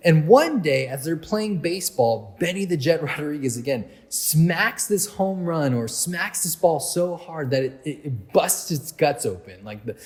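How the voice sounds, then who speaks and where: Chatty youth pastor in an echoing hall. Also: male voice, fairly high pitch, lively intonation, measured pace, hardly any pauses, darkish tone. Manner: conversational, chatty storytelling with fillers. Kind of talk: youth group sermon. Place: church hall. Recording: long hall reverb.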